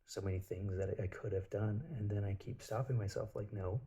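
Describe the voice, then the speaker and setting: A man's voice: lowish voice, little pitch movement, a little fast, dark tone. A man telling stories in a rambling, casual monologue, swearing freely. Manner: rambling, profane storytelling.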